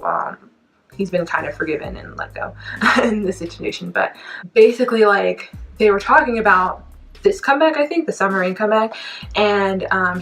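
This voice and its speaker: A woman in her twenties ranting casually to camera as a K-pop vlogger, animated and indignant, rambling and laughing between points. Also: medium pitch, gravelly, poor audio. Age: 20s.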